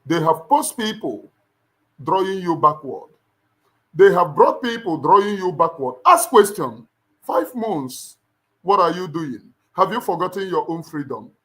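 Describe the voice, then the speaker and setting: His voice fairly high and fairly bright, a middle-aged Nigerian man with a Nigerian accent gives an impassioned livestream address as host. He preaches emphatically, repeating lines to give them weight.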